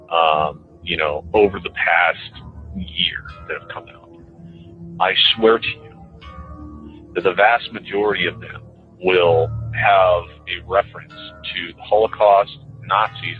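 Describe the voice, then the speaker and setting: Low-voiced man ranting on a tinny radio clip. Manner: emphatic, profane, repetitive. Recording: tinny phone-like radio clip with faint music.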